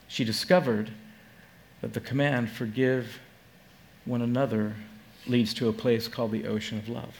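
A male pastor giving a sermon, telling a story earnestly with halting restarts and leading a closing prayer. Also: mid-range voice, steady tone.

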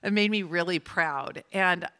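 Older lady preaching to a women's group, kinda low but really bright voice, chatty and personal. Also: a little slow. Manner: warm, chatty and personal, teasing with the audience. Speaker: speaker at a women's gathering. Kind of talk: sermon.

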